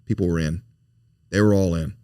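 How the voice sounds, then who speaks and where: A man's voice: low voice, fairly even intonation, a little fast, dark tone, dry recording, clean studio sound. A man, a foundation president, speaking as a podcast guest in an earnest, storytelling way, often repeating and restarting his words. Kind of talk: conversational interview storytelling.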